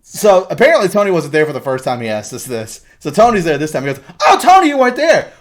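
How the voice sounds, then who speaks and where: A young man chatting on a podcast, his voice sitting a bit high for a man. He tells rambling stories, swears freely and keeps breaking into laughter. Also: fast. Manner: animated storytelling, laughs often, swears a lot. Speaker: podcast co-host. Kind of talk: casual podcast chat.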